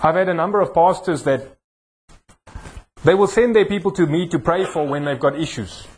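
South African male pastor, husky and a bit high-pitched, teasing and preaching in a church. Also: normal speed. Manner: jokey, teasing with a volunteer, preaching with rising emphasis. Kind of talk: sermon. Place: church hall.

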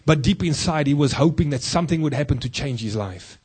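Husky man preaching emphatically. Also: animated, darkish tone. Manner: emphatic, rhetorical questions to the congregation, slows and drops low for key points. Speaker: pastor. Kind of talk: sermon.

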